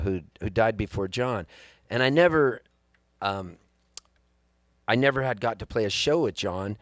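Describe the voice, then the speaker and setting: A man, a singer-songwriter, telling an animated story between songs at a live music venue and acting out the people in it. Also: medium pitch, dry recording. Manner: animated, excitable storyteller who acts out the people he quotes.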